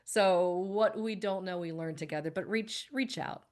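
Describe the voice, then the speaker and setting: A woman's voice: on the low side, normal speed, a little mellow. A woman guest on a podcast, speaking in an upbeat, casual conversational way and laughing often. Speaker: guest, holistic practitioner.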